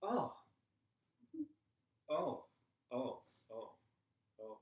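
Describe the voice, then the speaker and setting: A man teaching a live class, telling a personal story in a candid, animated way with frequent "right?" asides. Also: medium pitch, very slow, roomy sound, phone-quality sound. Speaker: meditation teacher.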